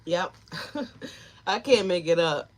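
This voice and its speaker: A woman's voice: lowish voice, slow. A woman giving a live tarot reading, talking straight to her viewers and chat, emotional and tearful at times. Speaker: tarot reader.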